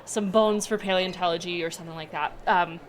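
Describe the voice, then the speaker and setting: A woman's voice: on the low side, fairly even intonation, a little fast, a little hiss or hum. A woman game master narrating a tabletop game in a casual, rambling way. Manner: casual, filler-heavy narration.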